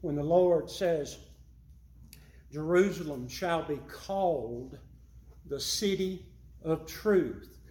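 Emphatic high-voiced preacher in an echoey room. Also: male voice, takes it slowly, long pauses, a little mellow. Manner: emphatic, repeats key phrases, rises in pitch and volume on points. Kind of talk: sermon.

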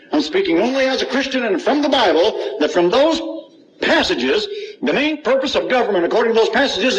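Animated, high-pitched preacher. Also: male voice, a little hiss or hum, rough recording. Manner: rhetorical questions to the congregation, emphatic scripture reading. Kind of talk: sermon.

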